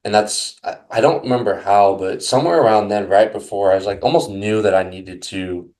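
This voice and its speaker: A young man appearing as a podcast guest, reflecting on his past in a halting, casual way, full of restarts and little hedges. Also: on the low side, a little mellow.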